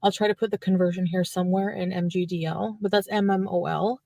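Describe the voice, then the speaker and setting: A woman's voice: on the low side, fairly even intonation, quick pace, creaky, mellow, no room sound. A woman from French Canada telling a long, rambling personal story in a chatty vlog style.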